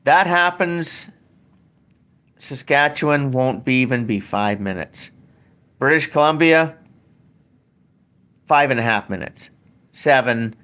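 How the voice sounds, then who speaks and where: Slow, blunt older man. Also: medium pitch, animated, fairly bright tone. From Canada. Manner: profane, blunt, emphatic. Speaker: podcast host. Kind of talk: casual ranting talk.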